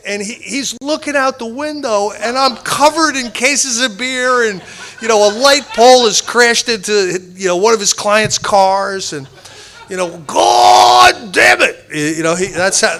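Bright-voiced man telling his recovery story. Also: high-pitched, moderate pace. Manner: rambling, self-deprecating storyteller with many restarts. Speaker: speaker sharing his recovery story at a meeting. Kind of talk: personal recovery talk to a live group.

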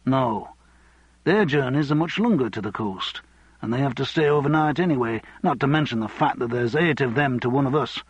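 A gruff, no-nonsense union boss with a Liverpool accent, as a male reader puts him on. The husky voice sounds dull and dry, as if recorded close in a padded studio. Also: mid-range voice, normal speed, no room sound, lightly acted. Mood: blunt. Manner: gruff, blunt. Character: blunt Liverpool union boss, middle-aged man.

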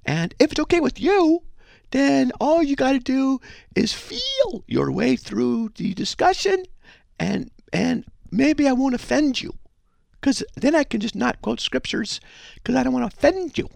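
A man's voice: very high-pitched, sing-song, measured pace, creaky, dry recording, voice pushed up, exaggerated voice. A man mimicking a meek, timid preacher. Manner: hesitant, soft and overly polite. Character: timid, apologetic male preacher afraid to offend.

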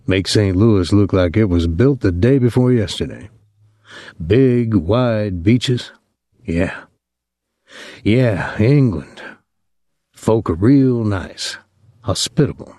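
A man reading as a young soldier from Saint Louis, talking in a soft, lazy drawl with an ironic edge. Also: on the low side, dry recording, studio quality.

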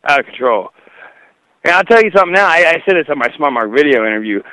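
A man's voice: a little high, lively intonation, fast, pushed and bright, clear, resonant tone, no room sound, rough recording. A young man, a wrestler guest, telling stories in a casual interview, rambling with lots of fillers and "dude".

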